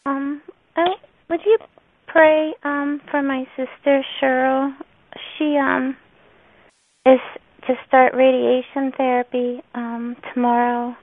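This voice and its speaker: A woman's voice: sits high, flat delivery, takes it slowly. A woman caller with a northern US accent making a prayer request, hesitant and full of "um"s. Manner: hesitant, many "um"s. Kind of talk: casual prayer request on a call. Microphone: phone on a conference call. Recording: tinny phone line.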